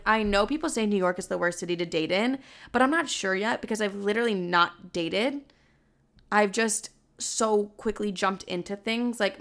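A woman's voice: mid-range voice, a bit bright, smooth. A woman in her twenties chatting candidly as a vlogger, full of filler words and casual swearing. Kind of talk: casual chat.

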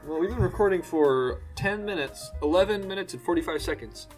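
A man's voice: high voice, lively intonation, fairly quick, soft background music. A man hosting a casual comedy podcast, joking and swearing while he keeps the show on track. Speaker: podcast host.

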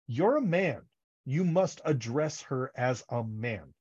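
A man's voice: mid-range voice, lively intonation, takes it slowly, darkish tone, breathy edge, lo-fi sound. A man co-hosting a podcast, chatting casually about a book series and acting out characters' lines in funny voices. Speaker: podcast co-host.

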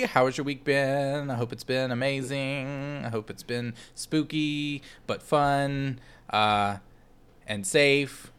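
A man's voice: medium pitch, fairly even intonation, slow pace, fairly bright tone, smooth. Male podcast co-host, casual, rambling, laughs easily. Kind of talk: casual chat.

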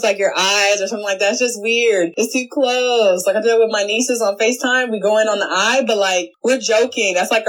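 A young adult woman in a home office giving casual, animated tips to a phone camera, chatty and playful. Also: medium pitch, rough recording. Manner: chatty, animated, acts out little voices. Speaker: social media video coach.

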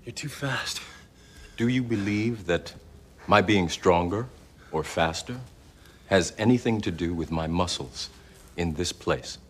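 Deep-voiced stern mentor. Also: male voice, a little hiss or hum. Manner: slow, measured, challenging. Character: calm commanding male mentor, stern trainer. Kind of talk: film dialogue. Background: film score music.

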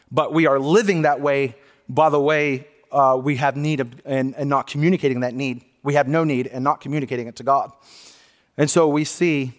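Speaking in a large hall, a church sanctuary, this slightly high-voiced American pastor delivers his sermon earnestly and conversationally. He frequently starts his sentences over.

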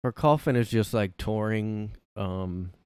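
A man's voice: on the low side, slow pace, darkish tone, clean tone, no echo, studio quality. A man hosting a casual solo podcast from his room, rambling and irreverent, often repeating himself. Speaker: podcast host.

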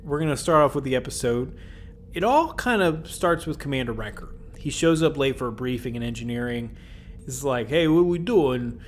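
A young man talks through an episode recap in a loose, chatty way, laughing often and dropping into quick silly voices for the characters. His voice sits at an ordinary pitch for a man, and a faint hiss of noise sits under the recording. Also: lively intonation. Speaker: podcast host.

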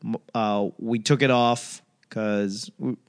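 A man's voice: medium pitch, fairly even intonation, slow. A man hosting a casual solo talk show, ranting on tangents with profanity and sarcastic mimicry. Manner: rambling tangents. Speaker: solo podcast host.

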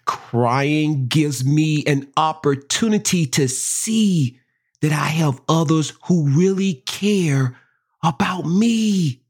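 A podcast host slowly reading self-affirmations and repeating key phrases. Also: mid-range voice, a little mellow, slightly rough.

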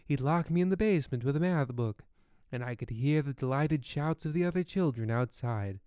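An actor playing a gloomy, self-pitying narrator with a low, theatrical delivery. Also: male voice, warm tone, smooth, dry recording, clean studio sound, lightly acted.

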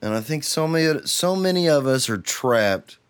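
A young man from Texas hosting a solo podcast, ranting with heavy swearing and then sinking into a tired, low murmur. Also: expressive, normal speed, clean tone. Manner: profane, heated ranting that cools to a weary murmur. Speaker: podcast host.

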